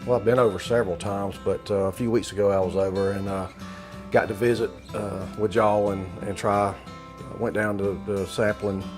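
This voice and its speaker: A man's voice: on the low side, little pitch movement, moderate pace, over music. A man with a Southern US accent hosting a cooking show, chatting casually with many fillers and restarts. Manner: rambling, hesitant, many fillers.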